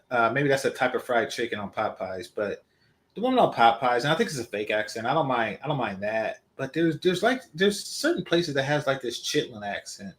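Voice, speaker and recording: A man hosting his own channel, giving casual, rambling commentary with many pauses and restarts. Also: medium pitch, fairly bright tone. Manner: hesitant, many ums and restarts. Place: indoors in California.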